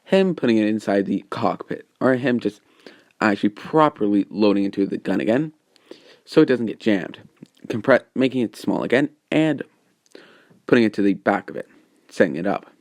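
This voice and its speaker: Low-voiced man rambling through a story. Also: animated, normal speed, no echo, studio quality. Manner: rambling, filler-heavy. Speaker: fan story narrator. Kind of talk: casual retelling of a fan story.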